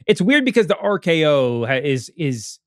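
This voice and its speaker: A man's voice: fairly high pitch, big pitch swings, moderate pace, no echo, clean studio sound. A man co-hosting a podcast in casual chat, rambling and cutting himself off with lots of fillers. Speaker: podcast co-host.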